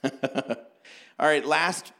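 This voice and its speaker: A man preaching a sermon, animated and joking, acting out prayers as he teaches. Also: fairly high pitch, extremely slow, vocal fry. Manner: animated, jokes and acts out prayers. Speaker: pastor.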